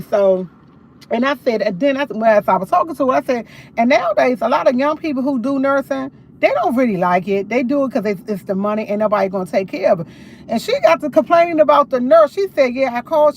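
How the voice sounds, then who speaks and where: A woman's voice: high voice, darkish tone. A woman livestreaming, retelling a conversation in a casual, emphatic way. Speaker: livestream host.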